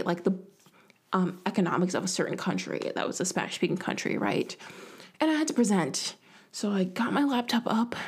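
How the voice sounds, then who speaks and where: A young woman hosts a solo podcast on a home podcast mic, telling a rambling, self-mocking story and whispering quoted lines as she acts them out. Her voice is medium-pitched and slightly rough.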